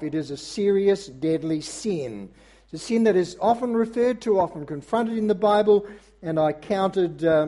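A man delivering a sermon with a high-pitched voice that stays mellow and soft-edged. He speaks earnestly and at a measured pace, addressing the congregation directly and pausing now and then on small filler sounds. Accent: non-American English. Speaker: pastor.

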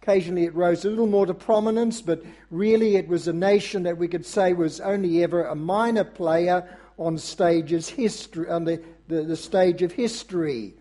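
Mellow high-voiced preacher man. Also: steady tone. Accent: non-American English. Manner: earnest, measured preaching with frequent uh fillers. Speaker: pastor. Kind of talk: sermon.

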